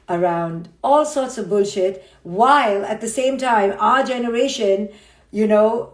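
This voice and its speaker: Middle-aged woman, frank motivational speaker, blunt and emphatic, mid-pitched voice in a roomy, echoey space. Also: darkish tone. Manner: emphatic and blunt, keeps checking in with "okay?" and "right?". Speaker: psychologist and speaker. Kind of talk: frank motivational live-stream talk. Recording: roomy echo.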